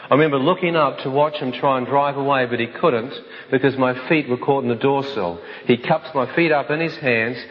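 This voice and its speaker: A man's voice: medium pitch, a little fast. A man giving a dramatic personal testimony, telling it vividly and acting out the other voices. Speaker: speaker telling his life story. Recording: dull recording with long hall reverb.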